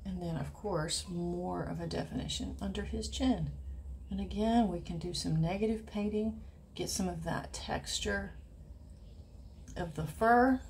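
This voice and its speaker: A woman giving a casual watercolor painting tutorial, chatting and thinking aloud, and often dropping into soft murmurs as she paints. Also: fairly low pitch, unhurried, slight background noise. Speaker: watercolor instructor.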